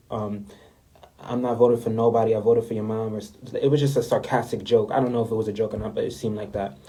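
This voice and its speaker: A man's voice: medium pitch, warm tone, rough recording. A young man ranting in a story-time vlog, indignant and repetitive, talking straight to his viewers. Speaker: vlogger. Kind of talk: story time rant to camera.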